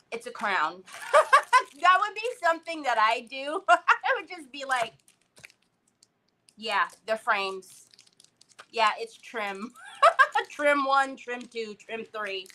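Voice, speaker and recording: Woman, craft livestream host, casual chat, bright crisp tone, slow easy delivery. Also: fairly high pitch, a little hiss or hum. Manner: chatty, greets viewers by name while crafting.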